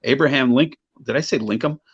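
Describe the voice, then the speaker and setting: A man's voice: medium pitch, breathy edge, highs cut off. A man co-hosting a podcast, chatting in a casual debate and picking his words with care as he goes. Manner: measured, searching for words. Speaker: podcast co-host.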